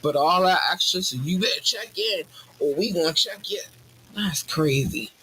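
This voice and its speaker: A woman hosting a podcast in casual chat, bubbly and effusive, squealing with excitement. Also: lowish voice, moderate pace, slight background noise. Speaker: podcast host.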